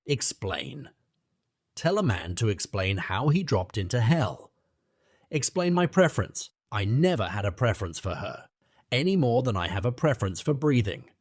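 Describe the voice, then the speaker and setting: A man voicing a passionate young man, furious and wounded, whose words burst out with a sharp edge, in an audiobook reading. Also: lowish voice, sing-song, moderate pace, no echo, studio quality. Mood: fierce.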